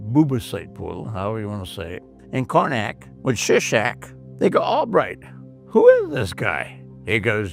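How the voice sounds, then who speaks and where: A man's voice: mid-range voice, creaky. A man hosting a Bible history talk, telling stories emphatically and acting out the voices of the people he quotes. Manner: emphatic storyteller who acts out quoted voices. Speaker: host.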